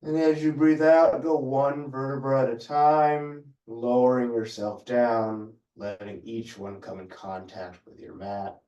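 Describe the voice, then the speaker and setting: A man leading a yoga class, giving calm, unhurried cues for stretches and breathing. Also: mid-range voice, roomy sound, recorded from a distance, highs cut off. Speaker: yoga instructor. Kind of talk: guided yoga class instruction.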